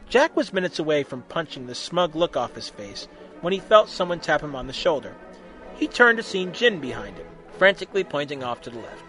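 A man reading a fan-made story aloud, narrating in a lively, wry way. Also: on the high side, brisk, soft background music.

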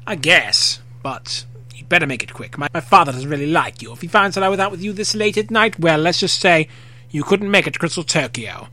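A man voicing a heartbroken, sarcastic teenage girl who talks fast and bitterly. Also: a little high, expressive, bright, forceful tone. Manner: sarcastic, quick, rising to anger.

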